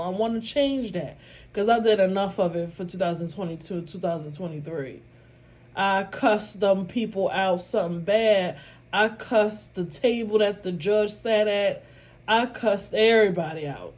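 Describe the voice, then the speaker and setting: A woman's medium-pitched, slightly mellow voice carries a rambling vlog monologue to her followers. She repeats herself emphatically, with occasional bursts of laughter.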